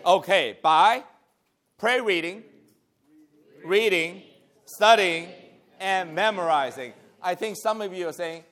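A man from Taiwan, teaching a lively church lesson, talking back and forth with the class and laughing often. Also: high voice, slow, long pauses.

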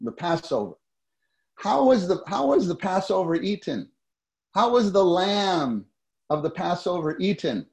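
Middle-aged man preaching, slightly high voice. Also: very animated, measured pace. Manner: conversational, asks the congregation questions, repeats phrases. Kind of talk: sermon.

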